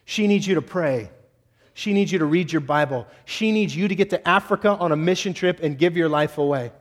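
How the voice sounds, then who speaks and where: A man's voice: a little high, fairly quick. A man preaching a sermon as a pastor, in a blunt, exhorting and teasing way.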